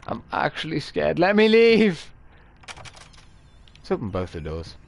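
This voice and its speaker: A man's voice: on the high side, wildly swooping pitch, slow, gravelly. A man commentating a horror game, jumpy and swearing a lot with nervous yelps and laughs. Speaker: gaming video host. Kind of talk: let's play commentary.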